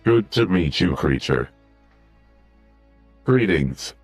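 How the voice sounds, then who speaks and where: A man voicing a large creature that speaks slowly in short, puzzled sentences. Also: lively intonation, over music. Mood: booming. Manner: slow, booming, puzzled. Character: huge slow-spoken creature mount.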